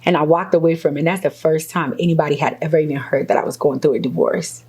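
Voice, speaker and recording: A woman's voice: deep voice, fast talker, breathy edge. A middle-aged woman, a guest in an interview, telling her own story with candid energy, laughing often. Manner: animated, laughs often, acts out quoted voices.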